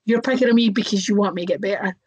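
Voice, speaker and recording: A woman's voice: medium pitch, racing, a little mellow, breathy edge, muffled recording. A young woman, a wrestler, telling stories casually in an interview, chatty, with lots of fillers and voices acted out.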